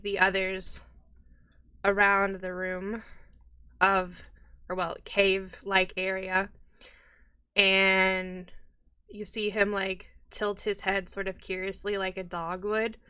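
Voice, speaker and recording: A woman narrating as game master of a tabletop game, relaxed, with many fillers and frequent laughs. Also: mid-range voice, smooth.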